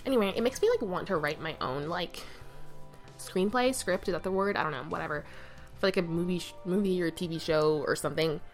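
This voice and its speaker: A woman's voice: fairly low pitch, brisk, soft background music. A young adult woman hosting her own podcast, chatting alone in a rambling, scattered way with many fillers and self-corrections, recorded on her bed with the mic on her knee. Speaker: podcast host. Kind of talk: rambling solo podcast chat. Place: sitting on her bed at home. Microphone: mic balanced on her knee.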